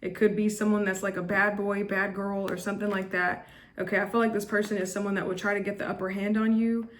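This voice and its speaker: A fast-talking woman with a medium-pitched, flat voice gives a casual tarot reading to camera. She's chatty and blunt, even judgmental, repeating herself and restarting often with plenty of fillers like "like."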